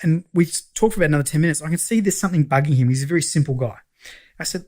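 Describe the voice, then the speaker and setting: A man's voice: fairly high pitch, racing. A middle-aged Australian man, a guest on a business podcast, telling a story in casual chat and acting out the voices in it. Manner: animated storyteller, acts out dialogue.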